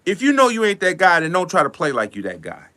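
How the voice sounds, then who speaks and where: Dude ranting about confidence, high bright voice, bounces all over, AAVE. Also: male voice, quick pace. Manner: animated, preachy, acts out little scenes. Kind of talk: motivational rant.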